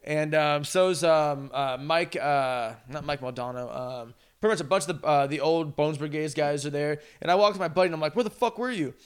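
Smooth, slightly high-voiced man. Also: fairly quick, few pauses. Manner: laid-back, profane, laughs often. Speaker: podcast co-host. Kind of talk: casual chat, storytelling.

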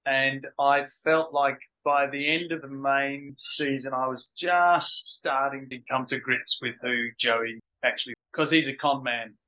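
Brief: middle-aged Australian male guest, bright tone, reflective anecdotes. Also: mid-range voice, steady tone, a little slow, few pauses, low-quality recording. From England, moved to Australia at ten. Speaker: guest actor. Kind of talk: casual interview chat.

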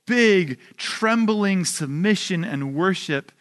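Brief: male pastor with a high voice, casual and emphatic sermon delivery, punctuated by rhetorical asides. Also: animated, slow pace, a bit bright, clean tone. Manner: emphatic, conversational preaching with rhetorical "right?".

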